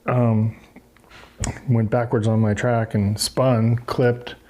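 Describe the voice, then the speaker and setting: A man's voice: medium pitch, slow pace, a little hiss or hum. A middle-aged man, a former racer, telling stories casually in an interview and acting out what people said. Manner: animated, acts out quotes. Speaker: guest, former motocross racer.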